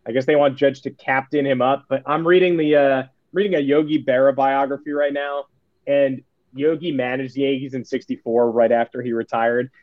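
A man's voice: medium pitch, level tone, moderate pace, no echo. Wry man on a dull, dry recording. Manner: wry, sarcastic, rambling. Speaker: podcast co-host. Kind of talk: casual sports podcast chat.

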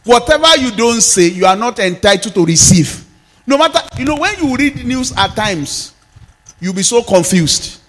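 High-voiced Nigerian pastor preaching. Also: male voice, sing-song, normal speed, in a large hall. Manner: declaring blessings with shouts, then storytelling quietly. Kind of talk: sermon.

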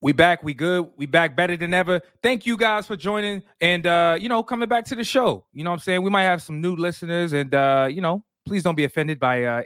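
A man's voice: fairly high pitch, no room sound, clean studio sound. A man co-hosting a podcast in casual, joking chat, often restarting his words. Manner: animated, joking, stammering restarts. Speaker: podcast co-host.

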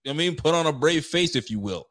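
A young adult man co-hosting a casual sports chat, telling stories with bursts of excitement. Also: a little high, a little fast. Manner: animated storytelling, bursts of excitement. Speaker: co-host.

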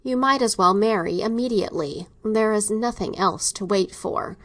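A woman's voice: medium pitch, moderate pace, fairly bright tone, natural voice. Stern, ironic older doctor, read by a woman for an audiobook, mid-range voice. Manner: dry, coolly sarcastic. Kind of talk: audiobook reading.

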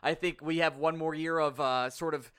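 A man's voice: a little high, fairly even intonation, moderate pace, fairly bright tone, smooth. A man hosting a sports podcast, giving confident, analytical takes with easy laughs. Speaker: podcast host. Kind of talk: casual sports chat.

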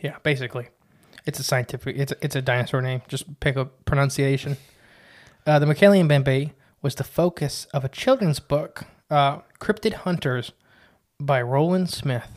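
A man's voice: medium pitch, moderate pace. A man co-hosting a casual podcast, talking in a chatty, rambling way with lots of "uh" and "like". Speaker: podcast co-host.

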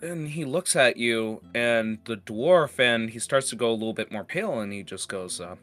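A man's voice: medium pitch, normal speed, hardly any pauses, bright, forceful tone, faint music behind. A man narrating a tabletop game as game master, in a casual way with many filler words.

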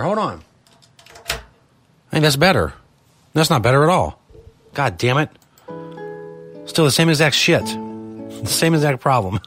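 A man's voice: on the high side, very animated, unhurried, pauses often, fairly bright tone, soft background music. A man hosting a live studio show, talking casually in a profane, exasperated ranting manner. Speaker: podcast host.

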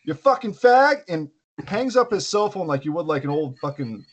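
A man's voice: on the high side, expressive, moderate pace, very noisy. A man in casual crude banter with coworkers, swearing and laughing as he tells a story.

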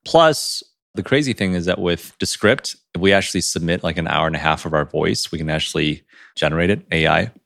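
A man co-hosting a podcast in casual chat, animated and quick to laugh. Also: deep voice, gravelly, dry recording, studio quality. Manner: animated, laughs often, words tumbling fast. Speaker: podcast co-host.

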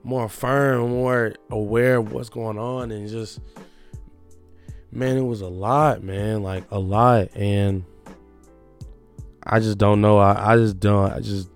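A young man making a personal confession in a halting, reflective way, often restarting his sentences. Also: fairly low pitch, fairly even intonation, clean tone, soft background music.

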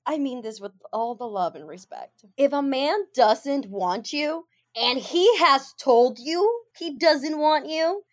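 A woman co-hosting a podcast in casual chat, blunt and profane, laughing often. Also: high voice. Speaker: podcast co-host.

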